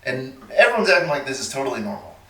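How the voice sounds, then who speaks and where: A man from Texas spins a casual story with a bright, forceful voice and plays out the other characters as he goes. The sound is roomy, with some reverb, and he sits back from the microphone. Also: mid-range voice, very fast, recorded from a distance. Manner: animated, acts out the voices of people in his stories. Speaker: podcast guest.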